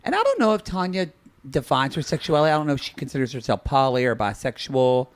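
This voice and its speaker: A man co-hosting a podcast, chatting casually and gossiping in a lively, bantering way. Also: medium pitch, fast talker. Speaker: podcast co-host. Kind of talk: casual chat.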